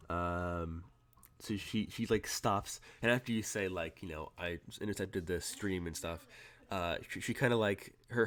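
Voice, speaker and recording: A man's voice: sits low, a bit bright. A man narrating as game master, talking loosely with many fillers and restarts. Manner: rambling, full of fillers and restarts.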